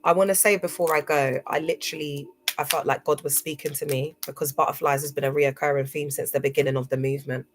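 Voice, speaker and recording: A woman's voice: deep voice, steady tone, fast talker, hardly any pauses. A young woman hosting a motivational livestream, talking in an emphatic, chatty way with slang and repeated phrases. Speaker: livestream host. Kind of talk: casual motivational livestream talk.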